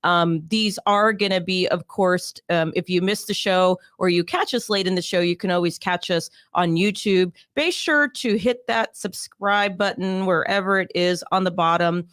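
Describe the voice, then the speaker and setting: A woman's voice: lowish voice, moderate pace, hardly any pauses, fairly bright tone, no room sound, studio quality. A woman hosting a casual live-stream talk show, bubbly, laughing often and repeating her phrases. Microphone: desk mic on a live stream.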